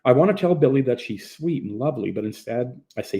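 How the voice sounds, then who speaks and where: A man from Ontario reading his memoir aloud in an animated storytelling manner. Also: medium pitch, quick pace, vocal fry. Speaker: narrator.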